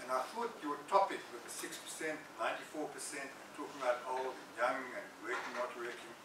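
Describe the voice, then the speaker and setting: Man, speech evaluator, encouraging, methodical, distant mic, echoey meeting room, room noise. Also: mid-range voice. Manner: encouraging and methodical, weighing praise and advice. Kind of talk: spoken evaluation at a club meeting.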